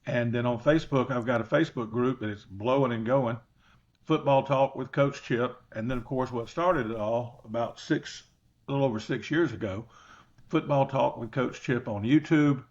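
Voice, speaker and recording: A man's voice: mid-range voice, normal speed, muffled recording. A man from the Southern United States with a Southern accent, a football coach guest talking in a folksy, self-deprecating way. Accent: Southern American. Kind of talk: casual podcast chat.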